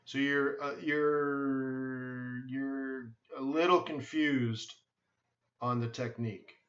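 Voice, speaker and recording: A man hosts a live forex trading webinar, answering viewers bluntly and emphatically and repeating words often. His mid-range voice is steady, slow and fairly bright. The room echoes and the sound is dull and lo-fi.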